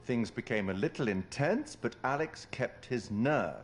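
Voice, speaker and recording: An actor playing a sinister male curator who narrates a game, speaking slowly and measuredly. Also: mid-range voice, animated, slight background noise, close to an everyday voice. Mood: knowing. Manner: slow, measured, knowing. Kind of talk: game cutscene dialogue.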